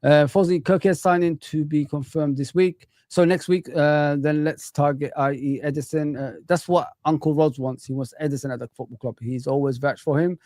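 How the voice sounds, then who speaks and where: A man's voice: a little high, steady tone, moderate pace, few pauses, darkish tone, no room sound, studio quality. A man co-hosting a live football watch-along stream, chatting casually and calling the audience "guys". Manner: chatty, repeats "guys" and "man", British slang. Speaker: livestream co-host.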